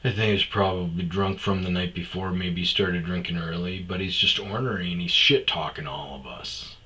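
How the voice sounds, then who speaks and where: A lower-pitched man with a bright, forceful edge, telling rowdy anecdotes. He swears constantly and jumps into loud acted-out dialogue. The delivery is casual and comic. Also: normal speed. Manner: acts out quoted exchanges in raised voice. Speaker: podcast host. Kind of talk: casual comedic storytelling.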